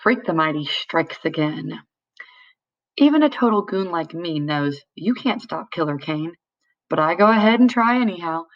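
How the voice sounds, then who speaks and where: A woman's voice: fairly low pitch, expressive, normal speed, highs cut off. A woman reading a novel aloud in first person, in a tense, dramatic way. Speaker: audiobook reader.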